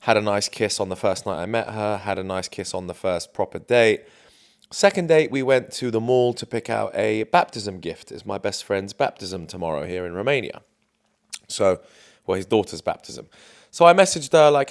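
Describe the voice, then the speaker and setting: A young man talks straight to camera, casual and self-assured. His voice sits low, and the story tumbles out in loose, filler-heavy sentences. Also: expressive, a little fast, vocal fry. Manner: chatty, confident, lots of fillers. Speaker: dating coach.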